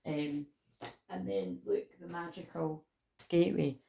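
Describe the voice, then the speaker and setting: A woman giving a casual spiritual card reading at home, chatty and rambling with excitable asides. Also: low voice, unhurried, creaky. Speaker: tarot reader. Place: at home indoors.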